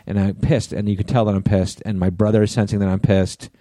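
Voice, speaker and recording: Middle-aged podcast co-host, male, low mellow voice, rambling profane storyteller, dry close sound. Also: little pitch movement, fast, no room sound. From US East Coast. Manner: rambling storyteller, swears a lot. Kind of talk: casual chat.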